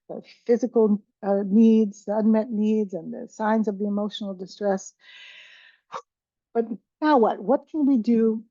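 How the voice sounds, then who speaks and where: A woman leads a webinar for caregivers, speaking in a relaxed, conversational way and acting out short examples as she goes. Her voice is warm and mellow. The recording is dry and slightly dull. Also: medium pitch, no echo. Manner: conversational, with frequent restarts and acted-out examples. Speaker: dementia care presenter.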